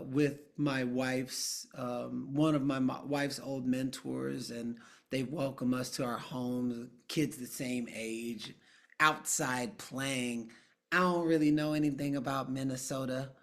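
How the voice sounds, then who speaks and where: A middle-aged man talking casually on a live coaching call, guiding listeners through a quiet exercise. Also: medium pitch, steady tone, slow pace, vocal fry. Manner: conversational, drifting into hushed guided prompts. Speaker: coach and trainer.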